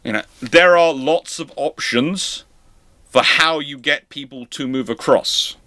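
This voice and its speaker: A man's voice: a little high, unhurried, pushed and bright, no echo. A man hosting a live-stream history lecture, explaining in a conversational, digressive way. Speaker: host.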